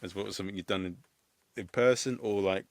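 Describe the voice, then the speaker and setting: Low voiced guy hosting a podcast, rambly, laughs a lot, dry sound. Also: fast talker, dry recording. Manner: rambling, restarts questions, laughs easily. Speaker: podcast host and comedian. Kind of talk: casual interview chat.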